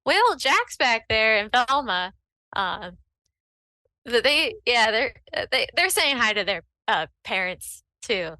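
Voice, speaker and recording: Woman player, eager and playful, bright tone, dry close sound. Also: on the high side, big pitch swings, takes it slowly, no room sound. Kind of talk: playing a character in a tabletop game.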